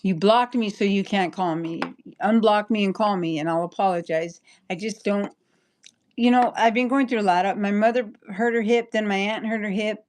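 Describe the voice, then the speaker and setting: A woman's voice: mid-range voice, moderate pace, a little mellow. A woman chatting on a livestream, rambling and apologetic, stopping and restarting her sentences. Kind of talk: casual livestream chat.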